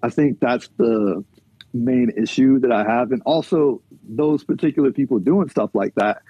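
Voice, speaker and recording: Male podcast guest, relaxed and chatty, slightly raspy, dry and muffled audio. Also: medium pitch, moderate pace, no echo. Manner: loose and chatty, many fillers, laughs often. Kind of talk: casual conversational interview.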